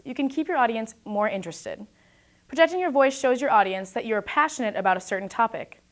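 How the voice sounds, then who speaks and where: A young woman giving a scripted talk about presentation skills, speaking in a clear, projected and deliberate way. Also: mid-range voice.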